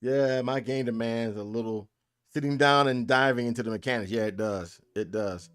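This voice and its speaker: A man's voice: medium pitch, moderate pace, a bit bright, clean tone. Laid-back joking man streaming. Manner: loose, joking, laughs often, talks to chat. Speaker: game developer streamer. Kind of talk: casual live stream chat.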